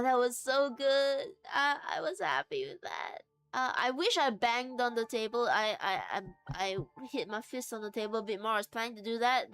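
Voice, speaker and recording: A woman's voice: a little high, fairly bright tone, clear, resonant tone, no room sound. A woman streamer and game master chatting casually while she sews, laughing often and trailing off into restarts.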